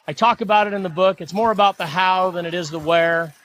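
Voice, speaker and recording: A man's voice: high-pitched, brisk, a bit bright, slight background noise. A middle-aged man talking casually on a podcast as a guest, rambling and repeating himself. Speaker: mule deer hunting guest.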